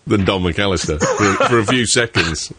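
A man's voice: on the low side, normal speed, bright, forceful tone, slight background noise. A British man hosting a podcast panel in casual, jokey chat, swearing now and then. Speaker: podcast host.

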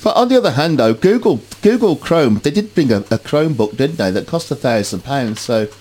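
A man in a casual tech chat, his pitch swinging lively up and down. He rambles, doubling words and restarting sentences. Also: brisk, poor audio.

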